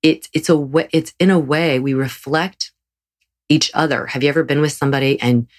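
A woman's voice: low-pitched, fairly even intonation, moderate pace. A woman hosting her own podcast as a yoga teacher, talking earnestly and encouragingly in a solo episode, with frequent restarts.

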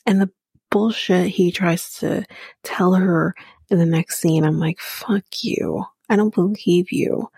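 A woman hosting a podcast, recapping a reality show in casual chat, blunt and sarcastic, swearing freely and slipping into soft whispery asides. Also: on the low side, creaky, slightly rough, dry recording.

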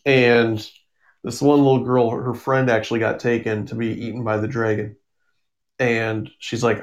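A man's voice: mid-range voice, level tone, normal speed, dull audio. Rambling casual man reviewing comics. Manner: rambling, with frequent ums and self-corrections.

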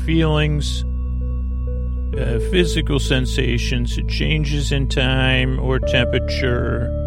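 A man hosting a sleep podcast, talking in a creaky, lulling, meandering way full of tangents and restarts. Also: mid-range voice. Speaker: podcast host. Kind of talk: rambling bedtime talk.

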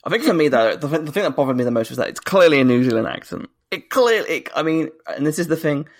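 A man co-hosting a podcast in casual chat, animated and ranting quickly with bursts of laughter. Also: fairly high pitch. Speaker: podcast co-host.

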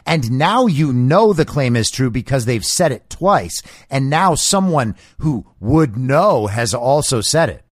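A man's voice: medium pitch, dry recording, studio quality. A man hosting a political commentary show, reading news quotes and mocking them sarcastically. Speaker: podcast host.

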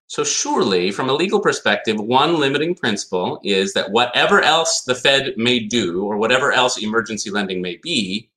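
Male lecturer, bright tense tone, emphatic, keeps throwing rhetorical questions at the room. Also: lowish voice. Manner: reads statute passages aloud. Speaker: conference speaker on law. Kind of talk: academic lecture.

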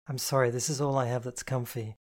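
A male audiobook reader voicing a playful, affectionate woman who teases softly. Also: mid-range voice, little pitch movement, brisk, close to an everyday voice. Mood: teasing. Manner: teasing, soft and fond. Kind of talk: audiobook character reading.

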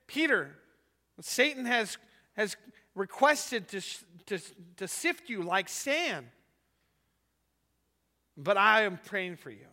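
A man voicing Jesus as a grave, calm teacher who gives an earnest, measured warning. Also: high voice, full character voice.

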